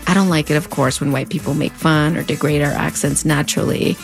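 A woman in her thirties with a Mexican border accent, her voice sitting fairly low. She narrates a scripted commentary in a wry, conversational way, full of playful asides. Quiet music plays faintly behind her. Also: steady tone, brisk, creaky. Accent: Mexican border English. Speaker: video essay host.

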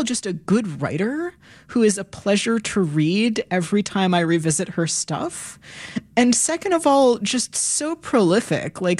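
A woman co-hosting a public radio talk show, talking in a thoughtful, enthusiastic way. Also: mid-range voice.

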